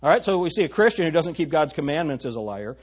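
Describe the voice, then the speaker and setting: Husky, animated male preacher. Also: fairly high pitch, quick pace. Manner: animated, conversational preaching with rhetorical questions. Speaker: pastor. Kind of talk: sermon.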